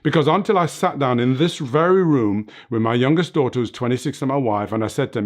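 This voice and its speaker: A man's voice: medium pitch, fast, hardly any pauses. Earnest older man preaching life lessons. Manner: tags points with "right?" and "you know what". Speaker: interview guest, fitness motivator. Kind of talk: reflective motivational interview talk. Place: his home, under film lights.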